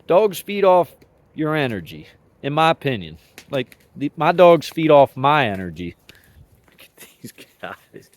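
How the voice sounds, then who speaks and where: A man's voice: on the high side, very animated, moderate pace. A man talking casually outdoors about training his dogs, in a laid-back, rambling, folksy way with plenty of slang. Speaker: dog owner sharing training thoughts. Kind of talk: casual outdoor vlog talk.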